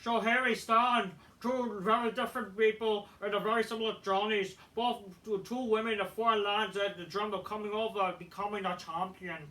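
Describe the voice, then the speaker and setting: Man reading out proud female wrestlers' promo, dramatic, high bright voice, distant mic. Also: fairly even intonation, a little fast, few pauses.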